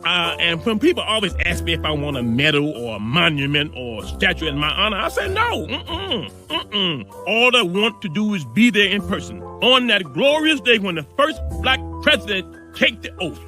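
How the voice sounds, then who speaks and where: A man voicing Robert Freeman, a vain, boastful older man who calls himself a civil rights hero, in an animated comedy. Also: high voice, moderate pace, hardly any pauses, soft background music, exaggerated voice. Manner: boastful, blustering, shouts when riled.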